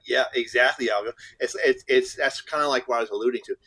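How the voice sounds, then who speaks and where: A man's voice: medium pitch, fast talker, fairly bright tone, slightly rough, dry recording. A man on an online panel who talks in a rambling way, restarting often and reaching for analogies. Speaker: panel guest. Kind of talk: casual panel chat.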